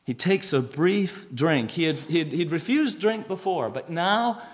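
A man preaching a sermon, reading scripture slowly and swinging between a hushed voice and raised, emphatic lines. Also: on the high side. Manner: reads scripture aloud with slow emphasis.

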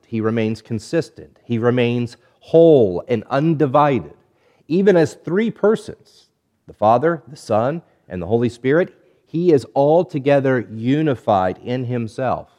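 A man preaching a sermon, measured and deliberate, stretching key words and letting phrases fall quiet at the end. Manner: drops low and quiet at phrase ends. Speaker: pastor.

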